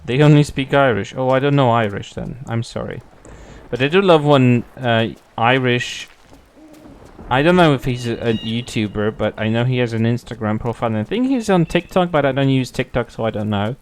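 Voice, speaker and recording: A man's voice: medium pitch, animated, moderate pace, smooth. A young man streaming a game, chatting casually, playful and swearing freely. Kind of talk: casual gameplay commentary.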